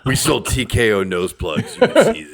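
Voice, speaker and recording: Gravelly, low deadpan joker. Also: male voice, moderate pace, crowd noise. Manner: deadpan mock announcements, crude jokes. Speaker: podcast co-host. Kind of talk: casual chat.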